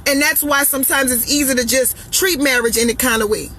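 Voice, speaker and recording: An adult woman who is a parent vlogs her opinions on relationships in a casual, blunt, sassy monologue. Her high-pitched voice is brisk, pushed and bright, and she preaches emphatically, repeating lines to hammer her points home. The recording is rough, with slight background noise.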